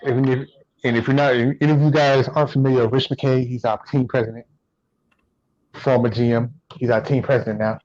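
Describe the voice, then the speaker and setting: A man co-hosting a casual sports podcast, relaxed and repeating himself as he thinks. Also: medium pitch, a little fast, highs cut off. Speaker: podcast co-host.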